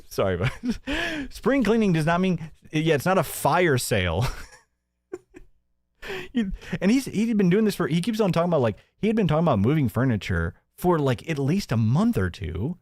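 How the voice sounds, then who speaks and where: A man hosting a live-stream commentary show, sarcastic and mocking, often laughing and jumping into a high mimicking voice. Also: very animated, moderate pace, darkish tone, dry recording, clean studio sound.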